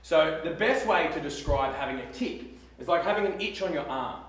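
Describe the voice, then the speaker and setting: An Australian man in his twenties speaks to a school audience, jokey and animated, stretching out words for effect. His slightly raised voice sits far from the mic, and it rings around a big echoey theatre with faint room noise behind. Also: fairly high pitch. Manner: lively, joking, drawn-out emphasis. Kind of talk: live talk to students.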